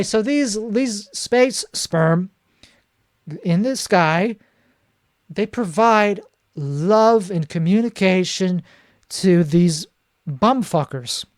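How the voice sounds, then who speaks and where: A male comedian in a solo monologue, rambling in a deadpan way and correcting himself mid-sentence. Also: high-pitched, dry recording, clean studio sound.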